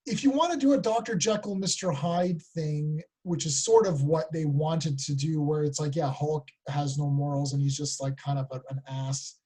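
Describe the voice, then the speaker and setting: A man co-hosting a casual comic book chat, rambling excitedly and acting out quotes. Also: a little high, normal speed, hardly any pauses. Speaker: podcast co-host.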